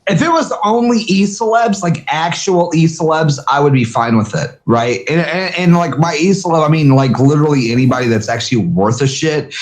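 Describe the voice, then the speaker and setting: A man's voice: fairly high pitch, a little fast, few pauses. A man hosting a live audio chat, ranting heatedly with constant swearing. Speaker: host of an audio chat room.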